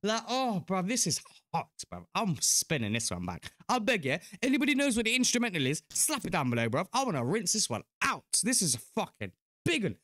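Young British man, reaction host, hyped and slangy, high bright voice that leaps around a lot. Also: huge pitch swings, brisk, dry recording, clean studio sound. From United Kingdom. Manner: hyped, slangy, full of cheers. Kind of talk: excited casual commentary.

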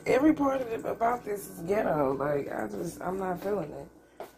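A very animated woman with a medium-pitched, creaky voice talks at normal speed, with background noise in the recording. She vlogs casually from her couch at home, candid, loose and swearing in a drawl, in pain and close to tears.

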